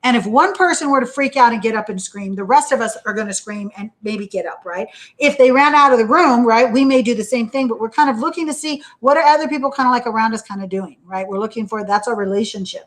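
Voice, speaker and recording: A woman's voice: on the high side, quick pace, hardly any pauses. A woman giving a recorded university lecture in a conversational way, asking "right?" after almost every point and acting out panicked inner voices to make examples vivid. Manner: conversational, checks in with "right?" constantly.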